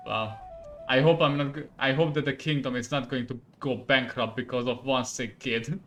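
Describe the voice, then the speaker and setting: A young man from Hungary with a Hungarian accent, a non-native English speaker, playing a game on stream, laughing often and getting worked up and loud. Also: medium pitch, fairly even intonation, moderate pace, soft background music. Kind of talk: gaming commentary.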